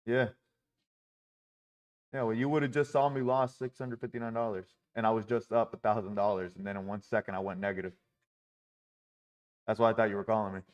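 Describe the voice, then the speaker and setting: A man's voice: lowish voice, level tone, a little fast, pauses often. A man live-streaming his day trading, talking through his trades with heavy swearing and frustrated outbursts.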